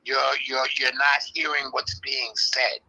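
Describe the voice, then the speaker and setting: An older New man, firm and bright-voiced at a medium pitch, speaks with flat delivery on a low-quality recording. As a guest in a live online interview and an early hip-hop practitioner, he explains insistently in a firm, measured way.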